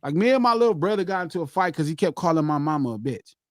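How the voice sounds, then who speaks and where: A man hosting a podcast, telling a personal story in casual chat, animated and repetitive, acting out what people said. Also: on the high side, very fast, dry recording, clean studio sound. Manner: animated, repeats himself, acts out quotes. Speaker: podcast host.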